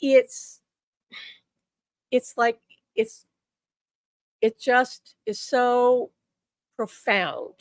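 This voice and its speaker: A woman's voice: on the high side, steady tone, drawn-out words, long pauses, no echo, studio quality. A middle-aged woman giving an earnest, emphatic teaching talk as a spiritual teacher, leaning into key words. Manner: earnest and emphatic, acting out quoted voices. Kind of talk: direct-to-camera teaching talk.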